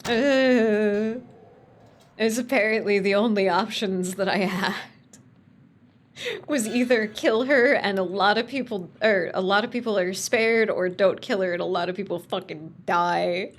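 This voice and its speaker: A young woman streaming a video game, chatting casually in a playful, giggly, expressive way and swearing now and then. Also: medium pitch, normal speed.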